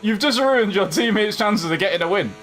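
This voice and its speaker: Lively young man racing on stream. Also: sits high, a little fast, faint music behind. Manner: animated, talks to other drivers and chat while racing. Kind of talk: live gameplay commentary.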